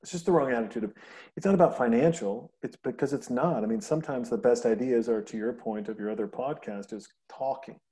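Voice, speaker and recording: A man talking casually on a podcast, rambling and animated as he tells stories and swears freely. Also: medium pitch, a little fast. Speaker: podcast host. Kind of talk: casual conversation.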